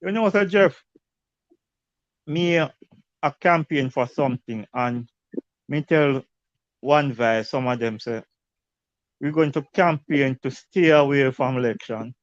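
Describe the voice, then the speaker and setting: A man's voice: medium pitch, takes it slowly, pauses often, dry recording. Man on a dull dry line. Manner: loose storytelling in patois. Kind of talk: casual chat in patois.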